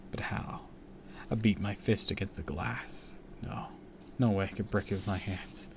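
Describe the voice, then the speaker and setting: Guy reading a scary book on stream, kinda low voice, dramatic, little bit of hiss in the background. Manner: dramatic, dropping to whispers for tension. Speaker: story reader on a stream. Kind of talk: reading a horror story aloud.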